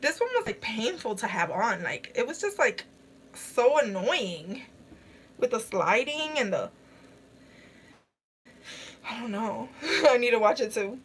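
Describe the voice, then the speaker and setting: A woman's voice: on the high side, sing-song, measured pace, pauses often, slightly rough. A young woman vlogging casually in a face mask, giggling often as she reacts to a movie and to comments from her chat. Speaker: beauty vlogger.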